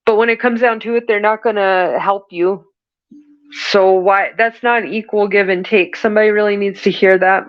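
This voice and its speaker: A woman's voice: mid-range voice, fairly even intonation, normal speed, no room sound, lo-fi sound. A woman hosting a podcast, giving a spiritual reading in an earnest, preachy manner that rambles with restarts. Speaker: spiritual reader and podcast host. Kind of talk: channeled spiritual message monologue.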